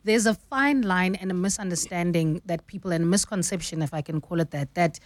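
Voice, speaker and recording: A woman's voice: lowish voice, a little fast, dry recording. A woman, a radio news anchor explaining her craft in an easy, explanatory way. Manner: explanatory, uses "you know" often. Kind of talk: studio radio conversation. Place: radio studio.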